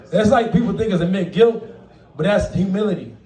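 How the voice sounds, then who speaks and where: A man's voice: high voice, expressive, fast talker, darkish tone, reverberant, far from the mic. A man performing a profane stand-up comedy set, laughing often and acting out the people in his stories. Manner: profane, laughing, acts out quoted voices. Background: audience laughter.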